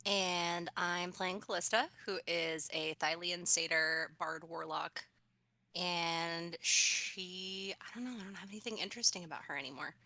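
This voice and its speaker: A woman's voice: lowish voice, fairly even intonation, a little slow, pushed and bright, no room sound. A woman player on a headset, scattered and unsure, trailing off as she introduces her character. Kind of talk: casual chat.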